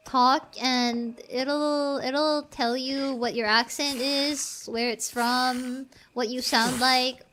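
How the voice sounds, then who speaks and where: Filipino-accented woman, game streamer, high voice, talky and meandering with plenty of restarts. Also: a bit bright. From Philippines. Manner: chatty, rambling, restarts phrases while thinking aloud. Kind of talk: casual game-stream chat.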